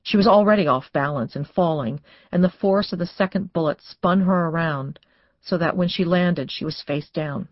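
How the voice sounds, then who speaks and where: A woman reading a suspense novel as audiobook narrator, in measured, tense storytelling. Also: on the low side, no echo, highs cut off. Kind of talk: scripted narration.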